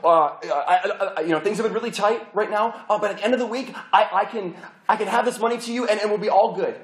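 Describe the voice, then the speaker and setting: Jittery young guy stammering excuses, as a preacher acts him out, slightly high. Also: fast talker, natural voice. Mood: nervous. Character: nervous broke young male roommate. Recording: roomy hall echo.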